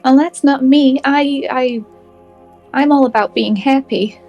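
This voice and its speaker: Woman playing a stammery cheerful bunny paladin guy, slow and high, music under it. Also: highs cut off. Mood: earnest. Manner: earnest, stammering. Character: cheerful young male rabbit-folk paladin. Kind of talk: character voice in tabletop play.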